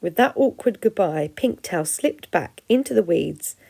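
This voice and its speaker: Woman reading a story, gravelly. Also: medium pitch, lively intonation, measured pace, warm tone. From England. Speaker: teacher. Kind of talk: storybook read-aloud.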